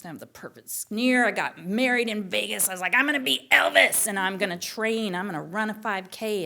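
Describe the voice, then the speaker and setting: A woman's voice: on the low side, a bit bright. A woman from Florida, a school librarian hosting a story slam, telling a casual story in a chatty, rambling way full of fillers. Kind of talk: casual storytelling between acts.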